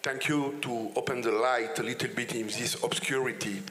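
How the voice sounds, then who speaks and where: A man's voice: medium pitch, steady tone, moderate pace, fairly bright tone. A man with a strong French accent, a native French speaker, giving an impassioned panel speech in broken English with restarts. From France. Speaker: conference panelist.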